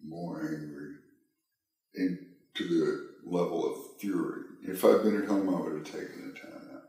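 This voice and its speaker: A male author answering an interview question in a measured, self-examining way, telling a personal story, recorded in an echoey room with the mic far away. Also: low voice, steady tone, dark tone.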